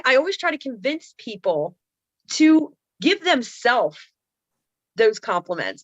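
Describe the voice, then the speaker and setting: Sassy, bright-voiced woman telling funny stories. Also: a little high, no echo, highs cut off. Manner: sassy, self-mocking, playful asides. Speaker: comedian and speaker. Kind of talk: comedic storytelling on a video call. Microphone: computer mic on a video call.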